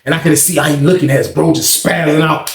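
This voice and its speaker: A man hosting a casual storytime monologue, animated and profane, acting out the voices in his tale. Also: on the high side, fast, reverberant. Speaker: storytelling channel host.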